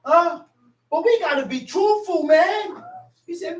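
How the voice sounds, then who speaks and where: A woman preaches with fiery, dramatic force, her voice pitched very high and often rising to a shout. She is recorded from a distance, so the sound is roomy and echoey. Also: unhurried. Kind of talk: sermon. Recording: echoey room from a distant mic.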